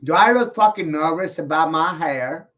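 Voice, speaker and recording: Profane ranting man, high bright voice. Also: animated, normal speed. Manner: profane, boastful, ranting with bursts of loud laughter. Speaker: vlogger. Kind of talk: rambling profane monologue. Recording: dull lo-fi recording.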